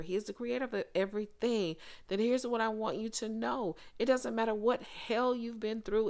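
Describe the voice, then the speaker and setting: A woman hosting a faith-based podcast, speaking to listeners in an earnest, conversational way with pauses and restarts. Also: mid-range voice. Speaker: podcast host.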